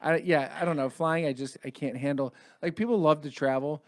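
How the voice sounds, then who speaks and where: A man's voice: a little high, steady tone, brisk. A man hosting a comedy podcast, telling profane travel stories and acting out the people in them. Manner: profane, acts out voices in his stories. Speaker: podcast host. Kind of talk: casual comedic storytelling.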